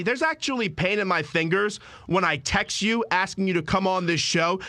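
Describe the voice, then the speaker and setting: A man's voice: high voice, sharp tone, no echo. A young man hosting a sports talk radio show, asking eager, talkative questions. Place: radio studio.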